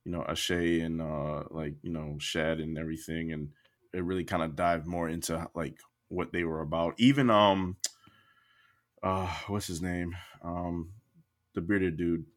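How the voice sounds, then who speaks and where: Low-voiced man, laughing casual chat. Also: a little slow. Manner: laughs often, animated. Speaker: podcast co-host.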